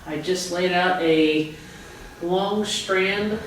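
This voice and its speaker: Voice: mid-range voice, drawn-out words. A paranormal investigator calling out to spirits in an old seminary building during a ghost hunt, coaxing them and explaining the gadgets set out for them. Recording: roomy echo, faint background hiss.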